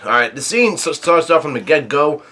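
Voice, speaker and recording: A man's voice: fairly high pitch, animated, moderate pace, bright, forceful tone. A man casually recapping a comic chapter, reading the panels aloud and rambling with lots of fillers and restarts. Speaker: manga chapter reviewer.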